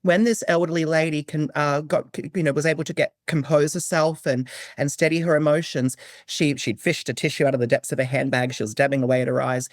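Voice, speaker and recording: A man as a podcast guest, earnestly telling a personal story, animated and often restarting his sentences. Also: fairly high pitch, a little fast, no echo, clean studio sound. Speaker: guest, psychic medium. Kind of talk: conversational storytelling.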